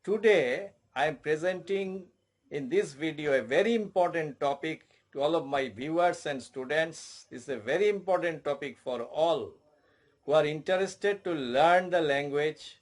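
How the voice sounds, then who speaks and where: A middle-aged man with an Indian English accent teaching an online French lesson, with a formal manner and a lot of repetition. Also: a little high. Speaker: French tutor.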